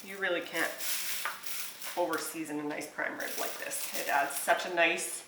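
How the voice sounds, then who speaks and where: Bright-voiced mom chatting while she cooks, kinda echoey, mic a bit far off. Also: sits low, steady tone, moderate pace, slight background noise. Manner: chatty, earnest, thinks aloud with fillers. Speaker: home cook and mother. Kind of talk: casual cooking vlog. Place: home kitchen and backyard grill.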